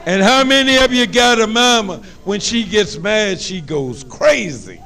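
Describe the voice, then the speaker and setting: High-voiced New Orleans motivational speaker. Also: male voice, measured pace, some chatter behind. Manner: lively, call-and-response, preacherly humor. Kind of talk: motivational talk to students. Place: high school assembly.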